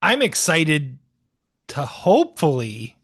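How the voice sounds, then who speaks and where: Podcast cohost guy, slow and chill, kinda high voice. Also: wildly swooping pitch, a bit bright, husky. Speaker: podcast co-host. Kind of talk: casual chat.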